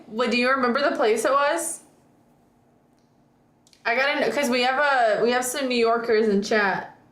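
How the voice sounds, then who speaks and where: Woman streamer, casual rambling chat, slightly high voice, echoey room. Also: a bit bright. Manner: chatty, rambling, reads chat aloud.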